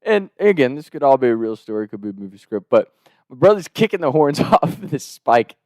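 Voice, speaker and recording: A man's voice: mid-range voice, sing-song, brisk, a little mellow, dry recording, studio quality. A man casually telling a comic story, rambling and profane, laughing between his lines.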